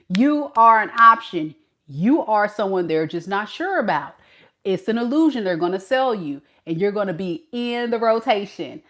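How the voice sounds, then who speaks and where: Blunt animated woman reading tarot. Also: medium pitch. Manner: animated, blunt, addresses viewers as y'all. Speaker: tarot reader. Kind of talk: live tarot reading to viewers.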